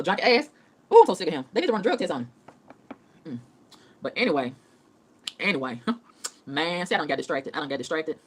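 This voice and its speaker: A woman's voice: on the low side, fairly bright tone. A woman ranting in a profane, heated vlog monologue, repeating phrases as she goes. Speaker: vlogger.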